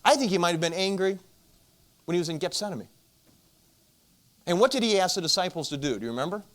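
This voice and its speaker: A man speaking at a marriage conference, telling a self-deprecating story and addressing the audience with direct questions, his volume swinging from loud to hushed. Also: sits high, lively intonation, fast. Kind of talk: storytelling Christian talk.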